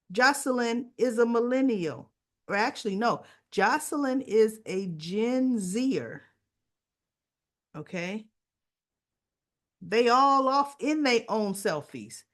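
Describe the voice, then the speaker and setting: A woman hosting a casual soap opera recap, chatting and acting out the characters' lines with asides. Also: fairly high pitch.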